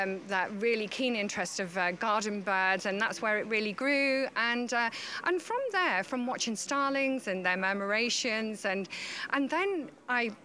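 A woman with a bright, forceful voice talks about her work as a falconer. She chats in a halting way, full of fillers and little laughs. Faint outdoor ambience sits behind her. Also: on the high side, slight background noise. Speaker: falconer interviewed on site. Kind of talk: casual interview answers.

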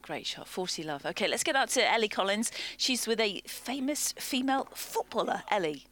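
A woman as lead commentator in a commentary box, chatty and lively in her play-by-play. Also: mid-range voice, normal speed. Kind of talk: sports commentary.

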